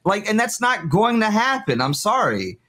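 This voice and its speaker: High, lively, argumentative man. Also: moderate pace. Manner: argumentative, defensive, full of filler words. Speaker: guest on a livestream call. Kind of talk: casual livestream argument.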